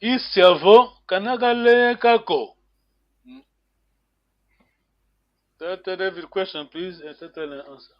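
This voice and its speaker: A man's voice: fairly high pitch, steady tone, moderate pace, long pauses, no echo, highs cut off. A man teaching an online language lesson, patiently repeating phrases for his students to copy.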